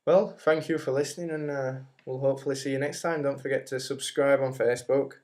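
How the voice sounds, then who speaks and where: A man's voice: mid-range voice, fairly even intonation, brisk, a little mellow. Rambling young man telling a story. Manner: rambling storyteller, frequent "like", swears casually. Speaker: podcast co-host. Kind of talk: casual chat. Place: home, recorded on webcam. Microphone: webcam microphone.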